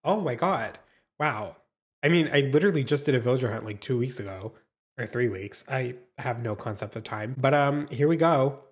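A man giving casual gameplay commentary as a gaming YouTuber, excitable and chatty, swearing freely and talking straight to his viewers. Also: medium pitch, normal speed.

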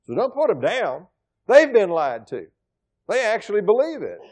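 A middle-aged pastor preaching in a church with a fairly high-pitched voice. He talks emphatically, jumping between loud, driving points and quiet, near-muttered asides to the congregation. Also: wildly swooping pitch, moderate pace. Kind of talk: sermon. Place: church sanctuary.

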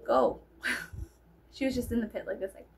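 A woman's voice: a little high, brisk, mellow. Rambling woman telling stories. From South Texas. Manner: rambling, heavy fillers, swears freely. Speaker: storyteller vlogger. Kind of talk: casual rambling storytelling. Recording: faint background noise.

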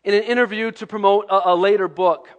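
High-voiced man preaching in a hall. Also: fairly even intonation, brisk. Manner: conversational preaching, drops to hushed tones. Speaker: pastor. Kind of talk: sermon.

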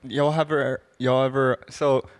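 A man hosting a casual podcast chat, laid-back and quick to joke. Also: mid-range voice, flat delivery. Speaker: podcast host.

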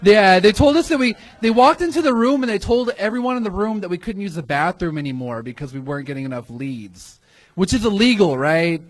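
A man's voice: sits high, lively intonation, fairly quick. A young man from Houston, Texas, with a lisp, a comedian answering interview questions in a hesitant, rambling, self-deprecating way. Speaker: comedian guest being interviewed. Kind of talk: casual live interview.

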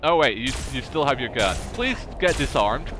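A man's voice: mid-range voice, expressive, brisk, music in the background. A man commentating a game playthrough in a chatty, jokey way, talking to the characters on screen. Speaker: gaming YouTuber. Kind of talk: let's play commentary.

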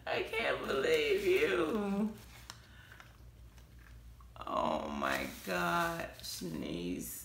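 A woman's voice: low voice, huge pitch swings, very slow, creaky, long pauses, fairly bright tone, a little hiss or hum. A young woman, chatting casually in an exclamatory, gushing way. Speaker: vlogger. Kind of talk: casual chat. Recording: echoey room.

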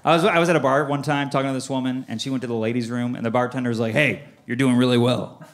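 Performing stand-up at a club, a man tells animated stories and puts on exaggerated voices for his family, met by audience laughter on the live recording. He speaks rapid-fire at a medium pitch with a flat delivery.

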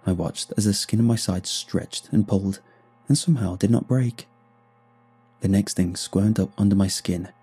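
A man narrating a first-person horror story in a measured, dramatic reading. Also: mellow, breathy edge, soft background music. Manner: measured, dramatic reading with sudden pitch lifts.

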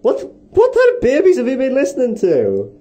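A man's voice: extremely high pitch, huge pitch swings, fairly quick, mellow. A young man co-hosting a student radio show, teasing and incredulous in casual banter. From Britain. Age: young adult. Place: radio studio.

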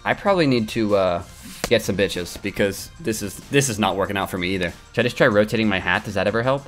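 A young man giving crude, excitable live commentary while he plays a video game, trash-talking and yelling at the screen. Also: lowish voice, fast, faint music behind. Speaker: gaming streamer.

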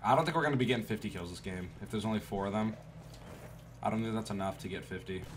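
A man giving profane, trash-talking commentary over a shooter game, with sudden loud outbursts. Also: on the low side, fast, noisy background. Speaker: gaming YouTuber. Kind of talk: gameplay commentary.

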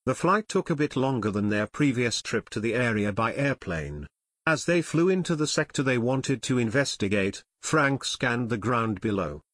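A man narrating a children's mystery audiobook in measured storytelling. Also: medium pitch, lively intonation, a bit bright, dry recording, clean studio sound. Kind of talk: scripted narration.

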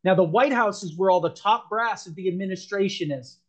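A man's voice: sits high, a little fast. A man as a podcast guest, earnestly telling a personal story, rambling with frequent restarts.

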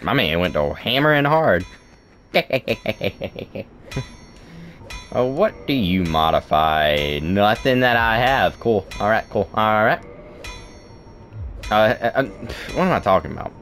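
A man's voice: on the low side, slow, creaky, soft background music. A young man giving playful let's play commentary, chatting to the game and yelping at what happens. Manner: talks to the game, playful and excitable, yelps. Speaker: gaming video host.

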